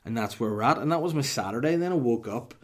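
A man's voice: mid-range voice, lively intonation, quick pace. A man, telling rambling, profane comic stories as a podcast host. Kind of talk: comic storytelling.

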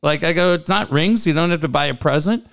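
A man's voice: on the high side, quick pace, creaky, a bit bright. A man in his forties telling a long family story in casual chat, laughing often and repeating "I go".

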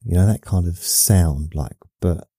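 A man hosting a podcast, softly spoken, rambling along in a meandering monologue meant to lull listeners to sleep. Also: low-pitched, a little slow, breathy edge, no room sound. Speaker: podcast host.

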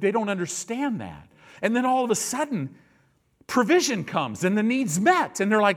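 A male preacher in full sermon mode, his voice sitting a bit high and leaping all over the place. He drops low and intense, then climbs into loud, ringing bursts and hammers words again and again for emphasis. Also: animated, moderate pace.

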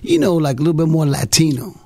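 A man's voice: fairly high pitch, big pitch swings, fast, vocal fry, dark tone, husky, no room sound, pitched above the performer's own voice, exaggerated voice. A pushy, patronizing woman casting agent, as a man mimics her in a raised voice. She coaxes and talks down to the actor in front of her. The sound is close and dry. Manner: coaxing, patronizing requests.

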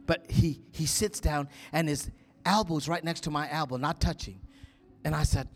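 A man preaching, telling a story in an animated way, acting out quotes with gasps and whispers. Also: a little high, normal speed. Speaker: pastor. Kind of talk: sermon storytelling.

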